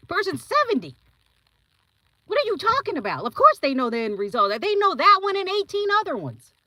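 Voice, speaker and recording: A young woman hosting a podcast, talking casually and giving her opinions, often acting out other people's lines in quick put-on voices. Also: very high-pitched, no room sound, poor audio. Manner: animated, acts out voices in quotes. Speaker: podcast host.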